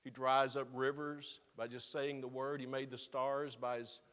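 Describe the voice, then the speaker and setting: A man's voice: mid-range voice, little pitch movement, fairly bright tone. Earnest male pastor in a reverberant hall. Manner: earnest, building to slow emphatic stresses. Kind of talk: sermon.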